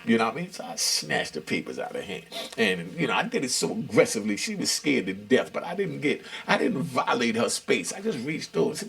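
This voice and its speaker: Gravelly streetwise man telling stories. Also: medium pitch, big pitch swings, brisk, few pauses, fairly bright tone. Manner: laid-back, streetwise slang, lots of asides. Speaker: storyteller recounting prison life. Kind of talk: casual storytelling.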